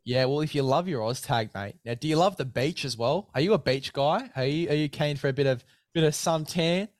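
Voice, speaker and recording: A man's voice: a little high, a little fast, no echo, studio quality. A young Australian man hosting a casual sports chat, saying "mate" often and hyping a sponsor. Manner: chatty, says "mate" a lot, hypes sponsor read. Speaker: podcast host.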